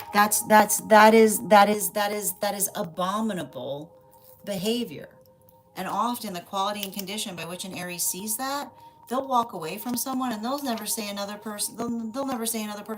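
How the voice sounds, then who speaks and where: A woman's voice: medium pitch, fairly bright tone. A woman hosting a livestream tarot reading, talking emphatically, repeating phrases and adding "right?" often. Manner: emphatic, repeats phrases, many tag questions. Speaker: tarot reader, livestream host. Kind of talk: casual livestream talk.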